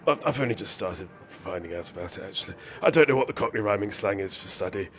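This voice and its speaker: A man with a fairly low, animated voice chats quickly through a game stream, rambling and whimsical while seeming a bit ill and hyper. This is casual live-stream commentary with faint game music behind him.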